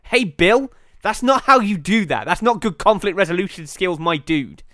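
A man's voice: high-pitched, lively intonation, moderate pace, sharp tone, dry recording, studio quality. A man co-hosting a casual comedy podcast, riffing and laughing as he goes and swearing freely. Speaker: podcast co-host.

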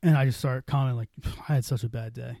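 A man's voice: mid-range voice, steady tone, quick pace, creaky, mellow, no room sound, studio quality. A man telling a long story on a casual podcast, swearing freely and acting out the dialogue. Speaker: podcast co-host.

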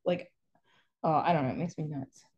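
A woman's voice: low voice, moderate pace, dull audio. A woman co-hosting a podcast, telling long rambling stories in casual chat and mimicking the people she describes. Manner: rambling, animated storytelling with mocking quotes. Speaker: podcast co-host.

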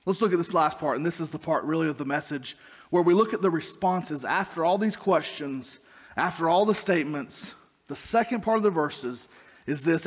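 A young man preaching a sermon as a youth pastor, earnest and emphatic, with rising questions and quick asides. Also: a little high, husky. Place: church sanctuary. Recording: long hall reverb.

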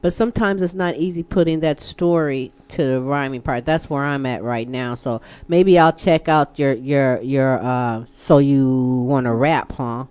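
A woman's voice: a bass voice, a little slow, few pauses, dark tone, clean tone. Playful woman radio host. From Texas. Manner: playful, teasing, laughs often. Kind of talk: casual radio talk show chat.

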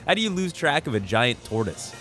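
A man's voice: medium pitch, sing-song, fairly quick, sharp tone, soft background music. A young man co-hosting a podcast, rambling and joking in casual chat and laughing often. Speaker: podcast co-host.

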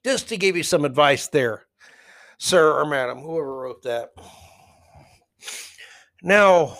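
A man's voice: a little high, lively intonation, a little slow, pauses often, a bit bright. A middle-aged man hosting his own podcast, talking bluntly and heatedly in a rambling, opinionated monologue full of stories. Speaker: podcast host.

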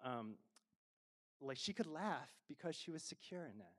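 A man's voice: fairly high pitch, very animated, moderate pace. A middle-aged man preaching a sermon as a pastor, conversational and self-deprecating, with frequent fillers and laughs.

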